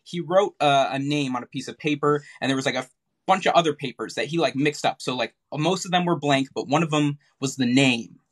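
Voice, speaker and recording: Hesitant man, fairly high voice. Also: brisk. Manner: hesitant, many fillers, building an anecdote. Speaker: mentalist. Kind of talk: casual live-stream chat.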